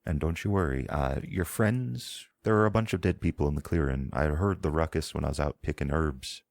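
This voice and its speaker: A man's voice: a bass voice, fairly quick, gravelly, darkish tone, no echo. A man voicing a kindly young woman priestess and hedge witch with a folksy, motherly, fussing manner. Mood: reassuring.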